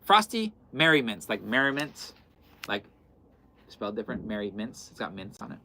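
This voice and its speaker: A man hosts a live-stream sale from an indoor fabric shop. His voice is bright and forward, and his talk is loose and chatty as he keeps calling out item numbers. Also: on the low side, sing-song, normal speed, a little hiss or hum. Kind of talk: live-stream sales chat.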